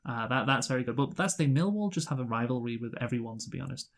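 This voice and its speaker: A man in his own easygoing voice, leading a relaxed film review talk with friends. He stumbles, restarts and laughs between thoughts, at a medium pitch. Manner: halting, laughs often, many restarts. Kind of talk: casual movie review chat.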